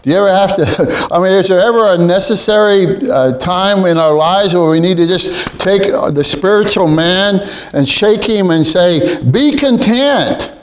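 A man leading a group Bible study in a room with others present, halting, with many restarts and frequent throat clearing. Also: high-pitched.

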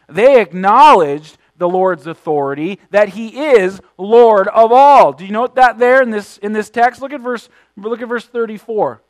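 High-voiced man preaching emphatically. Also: dry recording, poor audio. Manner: emphatic preaching, stressing key words by slowing down and swelling in volume; repeats words while restarting phrases. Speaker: pastor. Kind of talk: sermon.

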